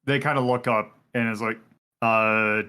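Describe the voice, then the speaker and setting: A man's voice: mid-range voice, moderate pace, a bit bright. A man narrating as game master of a tabletop game in a loose, rambling way. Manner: loose, rambling, lots of "kinda".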